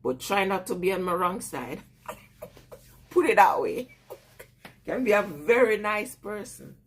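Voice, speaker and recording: A woman's voice: medium pitch, animated, takes it slowly, breathy edge. A woman with a Jamaican accent chatting casually on a live stream, greeting viewers and laughing often.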